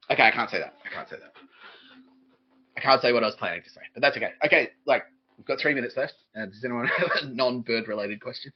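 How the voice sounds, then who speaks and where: A husky man rants through a rambling, profane podcast monologue, swearing freely and slipping into mocking voices. His voice sits mid-range, and the recording sounds dull and lo-fi. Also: mid-range voice, fast talker. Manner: profane, ranting, mocking others in put-on voices. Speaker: podcast host.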